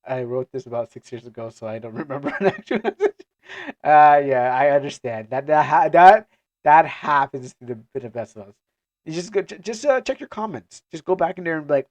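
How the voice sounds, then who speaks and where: A man's voice: mid-range voice, sing-song, a little fast, a little mellow. A man casually chatting between lines while he reads a comic aloud, rambling and often cutting himself off. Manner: rambling, self-interrupting, laughs often. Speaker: comic reader and dubber.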